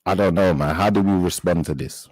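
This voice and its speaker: Very deep-voiced man hosting a live chat. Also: darkish tone, no echo, rough recording. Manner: indignant, halting, addressing viewers directly. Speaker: live stream host.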